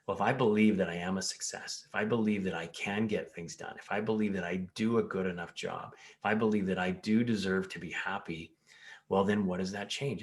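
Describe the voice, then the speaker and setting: A man in an interview who explains health ideas in an earnest, coaching way, now and then acting out the words of his patients. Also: sits low. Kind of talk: interview conversation.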